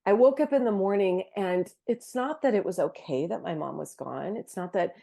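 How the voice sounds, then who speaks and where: A woman's voice: mid-range voice, lively intonation, normal speed, gravelly, mellow. A woman speaking as a podcast guest, her voice sitting in a middle register. She tells her story earnestly and from the heart, stumbling and restarting as she goes. It is a casual faith conversation.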